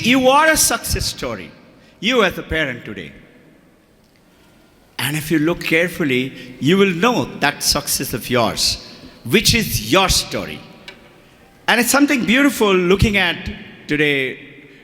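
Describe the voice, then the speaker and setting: A man's voice: high-pitched, bright, forceful tone. Older Indian man telling stories in a hall. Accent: Indian English. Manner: storytelling, acts out quoted voices. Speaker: school head addressing parents. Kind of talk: anecdotal speech to an audience. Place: school hall. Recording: reverberant hall.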